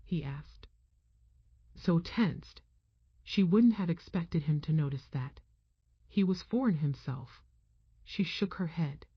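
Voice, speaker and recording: A woman reading an audiobook as narrator, in a measured, even manner. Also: sits low, breathy edge, dry recording. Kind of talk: scripted narration. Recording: dull, muffled dry sound.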